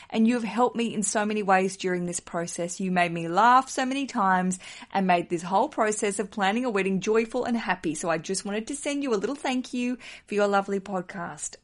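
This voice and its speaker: Woman putting on a Swedish accent, young bride-to-be, grateful, earnest, warm letter reading. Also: medium pitch, a little fast, natural voice. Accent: put-on Swedish.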